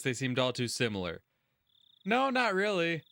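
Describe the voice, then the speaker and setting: A man's voice: mid-range voice, very animated, a little fast, bright, forceful tone, no room sound. A man hosting a let's-play, reading game narration aloud and adding crude, sarcastic commentary.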